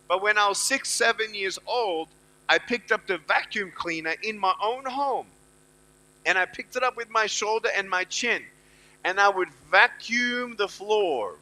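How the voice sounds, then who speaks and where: His voice sits high as this man in his thirties, a motivational speaker, gives an inspirational speech before a live audience. Emphatic and repetitive with the crowd, he swings between loud bursts and softly told stories.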